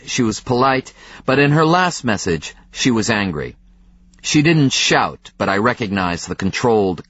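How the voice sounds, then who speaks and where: Man, audiobook narration, husky tone, dull lo-fi audio. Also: fairly low pitch, a bit bright, dry recording. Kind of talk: first-person audiobook narration.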